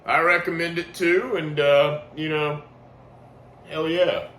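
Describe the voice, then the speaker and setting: A man's voice: fairly high pitch, slow pace. A man co-hosting a casual music podcast, cracking jokes and swearing as he chimes in. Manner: jokey, swears, lively interjections. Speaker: podcast co-host. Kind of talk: casual review chat. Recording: echoey room, faint noise.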